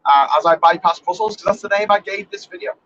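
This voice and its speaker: A man's voice: sits high, fast talker, fairly bright tone, dull audio. A man, talking to his live stream from inside his car as he drives, rambling in a sarcastic, swearing, offhand way. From England. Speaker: vlogger. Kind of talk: casual live-stream driving monologue. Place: inside a car while driving.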